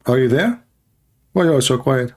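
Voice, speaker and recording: A man hosting a confrontational livestream debate, talking emphatically and challenging his listeners, with a dry throat and frequent throat clearing. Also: medium pitch, animated, normal speed, a little mellow. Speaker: debater and host.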